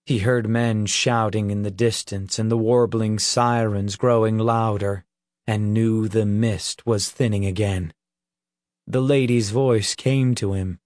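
Slow, measured male audiobook narrator. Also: on the low side, a little mellow, no room sound, clean studio sound. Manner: measured, deliberate storytelling. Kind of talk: scripted narration.

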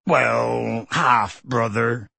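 Male narrator voicing a huge soft-hearted giant, low rough voice, hushed and earnest, audiobook. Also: fairly even intonation, dry recording, full character voice. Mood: anxious. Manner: hushed, slow, earnest pleading. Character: huge gentle half-giant man, tearful and anxious. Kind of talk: audiobook character voice.

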